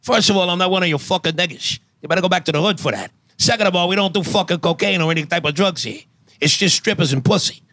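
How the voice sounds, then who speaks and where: A man's voice: sits high, a bit bright, no echo. A man improvising an impression of a middle-aged male New mob boss, profane and threatening. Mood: menacing scorn. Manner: profane, threatening, quick tough-guy bark.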